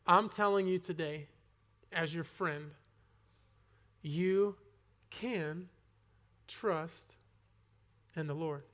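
A young man giving a personal testimony sermon to a congregation, earnest and conversational, with halting restarts, rising to loud emphasis and dropping to soft asides. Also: a little high. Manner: earnest, swings between loud emphasis and near-whispered asides. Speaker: preacher.

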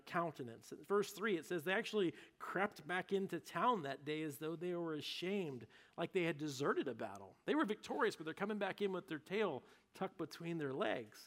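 Guy preaching, high voice, chatty jokey bible storytelling. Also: fairly bright tone. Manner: casual, joking storytelling. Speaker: pastor. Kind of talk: sermon.

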